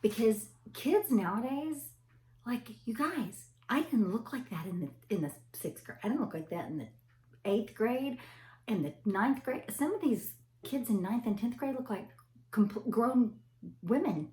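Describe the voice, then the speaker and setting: A woman's voice: a little high, animated, a little slow, a little mellow. A woman in her forties chatting to camera, rambling and laughing as she tells a story about her kids. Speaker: vlogger and mother. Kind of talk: casual chat to camera. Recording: echoey room with faint noise.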